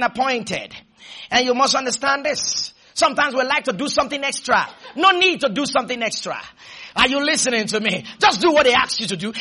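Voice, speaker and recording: High, bright-voiced shouting preacher. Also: male voice, animated, breathy edge. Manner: shouts in bursts, leads call-and-response; slows to stretch words for emphasis. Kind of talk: sermon.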